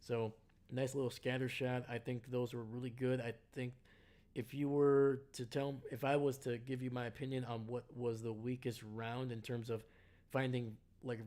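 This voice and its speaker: A tired man talks loosely to his chat during a live stream, rambling and restarting his sentences. His voice sits at a medium pitch and stays casual and unpolished. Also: darkish tone. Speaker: live draft reaction streamer.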